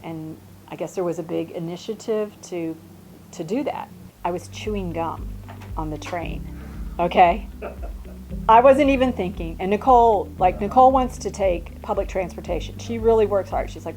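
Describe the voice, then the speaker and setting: Older lady rambling through a story, lively, soft music behind. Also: fairly low pitch, moderate pace. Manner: chatty, animated, many restarts. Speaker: mother recalling travels. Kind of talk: casual storytelling.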